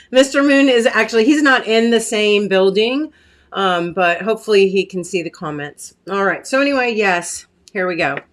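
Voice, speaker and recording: An American woman hosts a relaxed live craft stream, chatting with viewers and reading their comments aloud. Her mid-range voice is animated and moves at a normal speed, with a catch in her throat. She's chatty, full of fillers and warm asides to the audience, and keeps clearing her throat.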